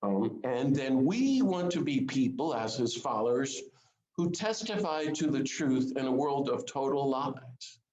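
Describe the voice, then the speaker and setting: A man's voice: mid-range voice, very animated, a little slow, a little mellow, highs cut off. Earnest preaching man in a roomy space. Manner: earnest and conversational, asks the listeners direct questions. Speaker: speaker of a Lenten series. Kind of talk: informal sermon to a small group.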